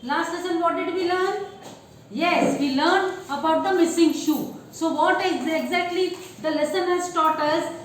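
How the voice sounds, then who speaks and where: A woman's voice: very high-pitched, unhurried. A woman teacher with an Indian English accent, giving a classroom lesson, repeating herself and asking the class questions. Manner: repetitive, asks the class questions. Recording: very echoey room, faint hiss.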